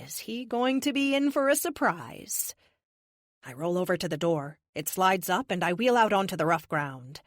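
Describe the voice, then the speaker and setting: A woman's voice: lowish voice, lively intonation, moderate pace, no echo, studio quality. A woman narrating a superhero audiobook in the first person, with a wry, sarcastic touch.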